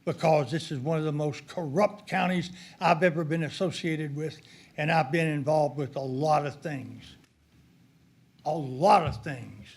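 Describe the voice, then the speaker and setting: Heated older man, high voice. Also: fairly even intonation, moderate pace. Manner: heated, accusatory, emphatic. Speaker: public commenter. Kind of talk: public comment at a county meeting. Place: county commissioners' court meeting room.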